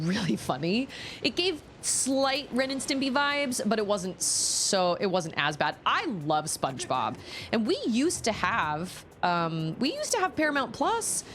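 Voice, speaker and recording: Woman streamer in her thirties, low-pitched and very lively, rambling casual chat with faint background noise. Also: measured pace. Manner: rambling, digressive, chatty. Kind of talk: casual chat while gaming.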